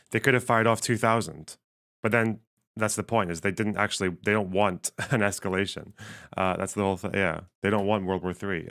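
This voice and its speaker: A man live-streaming casual commentary while reading chat, his voice strained and missing its lower range, swearing and laughing as he thinks aloud. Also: fairly bright tone, clean tone.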